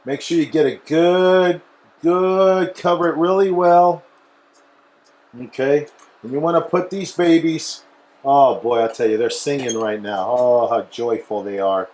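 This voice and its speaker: A man's voice: fairly high pitch, a little slow, a little mellow. A man hosting a cooking show, chatty and instructional, often checking in with okay. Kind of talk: casual cooking demonstration.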